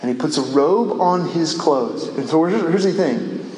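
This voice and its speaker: A man's voice: on the high side, animated, unhurried, a little mellow, a little hiss or hum. A man preaching a sermon, impassioned and building with repetition. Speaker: pastor. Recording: echoey large hall.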